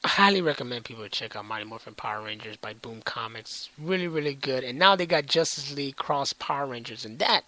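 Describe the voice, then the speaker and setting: Excitable rambling man with gravelly voice. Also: fairly high pitch, dry recording, rough recording. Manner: excited, rambling, heavy swearing. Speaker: comic book reviewer. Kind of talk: casual vlog recap.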